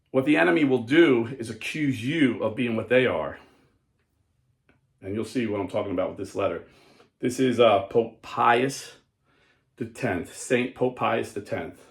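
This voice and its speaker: A man's voice: on the low side, creaky. A man hosting a casual talk show, speaking earnestly and conversationally, often acting out quotes in other voices. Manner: frequent fillers and restarts, quotes people in put-on voices. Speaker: podcast host. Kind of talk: casual commentary.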